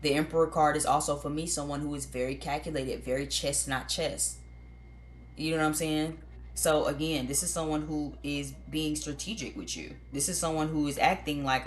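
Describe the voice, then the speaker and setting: Low-voiced blunt woman tarot reader. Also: normal speed, a little hiss or hum. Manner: blunt, profane, conversational. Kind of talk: casual tarot reading to viewers.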